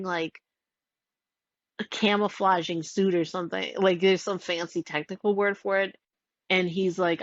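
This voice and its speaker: A woman's voice: lowish voice, fairly even intonation, normal speed, dry recording, muffled recording. A woman casually retelling a game's plot, rambling and giggly, full of "like" and little voices for the characters. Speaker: storyteller recounting a game plot.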